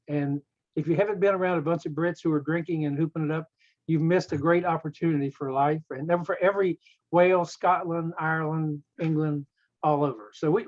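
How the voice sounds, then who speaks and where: A man's voice: fairly high pitch, highs cut off. A man in his seventies from West Virginia, telling rambling stories in casual meeting chat. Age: 70s. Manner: rambling, chatty storyteller. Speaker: club member.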